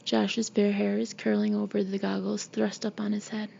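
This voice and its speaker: A woman's voice: mid-range voice, monotone, normal speed, creaky, warm tone, a little hiss or hum. A woman narrating a first-person audiobook in an intimate, often half-whispered way, on a slightly dull recording.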